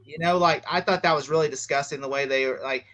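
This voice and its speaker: American male host, bright, slightly high voice, chatty rambling style, acts out quotes. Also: fairly even intonation, fast, rough recording. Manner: rambling, chatty, laughing asides and acted-out quotes. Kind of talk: casual livestream chat.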